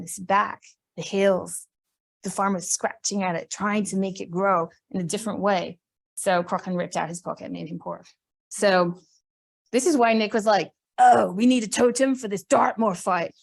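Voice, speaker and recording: A woman giving a conference talk, chatty and animated, laughing often. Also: medium pitch, gravelly. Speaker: conference presenter.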